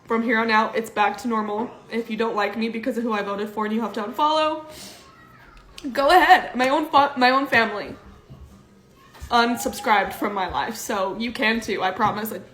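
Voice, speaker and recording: A woman's voice: fairly high pitch, fairly even intonation, moderate pace, a bit bright, echoey room. A young woman speaking to camera in an emotional vlog, her voice breaking as she tries not to cry.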